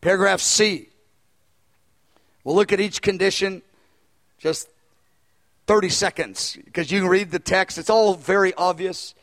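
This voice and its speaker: A man preaching a sermon and teaching a Bible study, animated, and acting out dialogue when he tells stories. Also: high voice, unhurried, pauses often. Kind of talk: sermon with storytelling.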